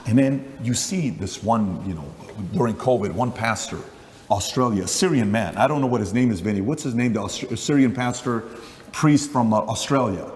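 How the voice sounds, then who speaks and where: A man's voice: mid-range voice, moderate pace, a little mellow, big-room sound, slight background noise. A man hosting an interview, telling stories in a chatty way and acting out the dialogue in them. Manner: chatty storytelling, acts out dialogue. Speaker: interviewer and host. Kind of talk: conversational interview.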